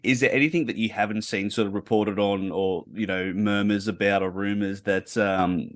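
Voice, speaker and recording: Male podcast host, lowish voice, hesitant questioner, dry close sound. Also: fairly even intonation, moderate pace, dry recording. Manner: hesitant, searching for words with many restarts. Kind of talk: casual interview.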